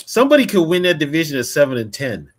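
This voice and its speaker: A man's voice: on the high side, very animated, fast talker. A man co-hosting a casual sports podcast, giving slangy, emphatic opinions. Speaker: podcast co-host.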